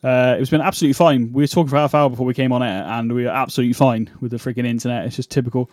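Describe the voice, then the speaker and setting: A man's voice: medium pitch, fairly even intonation, rapid-fire, darkish tone, no echo, studio quality. A man from the UK hosting a casual wrestling podcast, rambling with many fillers and restarts. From United Kingdom. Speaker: podcast host. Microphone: remote call setup.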